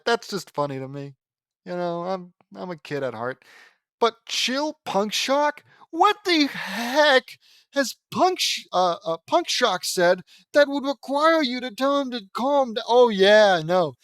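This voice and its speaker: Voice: mid-range voice, dry recording, clean studio sound. A fan fiction audiobook reader breaking off into rambling, exasperated commentary with frequent restarts. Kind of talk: casual reading with commentary.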